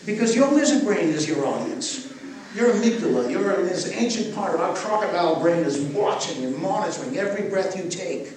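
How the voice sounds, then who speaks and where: A man's voice: high voice, fairly quick, slight background noise. Older man teaching breathwork, echoey far mic. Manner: animated, guiding the crowd through breathing. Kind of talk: live workshop talk to an audience. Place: live event venue.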